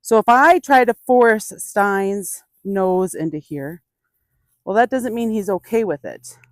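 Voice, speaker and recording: A woman in an outdoor pen, explaining each step of a training session to viewers. She sounds dry and close, at a middle pitch. Her voice drops to a gentle, coaxing murmur when she speaks to the animal. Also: animated, slow pace, dry recording. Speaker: burro trainer. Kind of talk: hands-on training demonstration.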